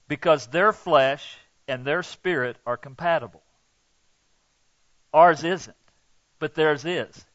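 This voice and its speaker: Guy preaching a sermon, high voice, slow and earnest, kinda muffled dry recording. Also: fairly bright tone, no room sound. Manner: earnest, emphatic, acts out quoted lines. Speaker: pastor.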